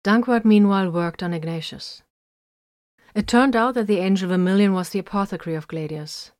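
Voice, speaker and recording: Reading scripted military sci-fi for an audiobook, a woman with a voice on the lower side for a woman alternates between loud, emphatic moments and quiet, hushed ones. The recording is dry and close, with no room sound at all.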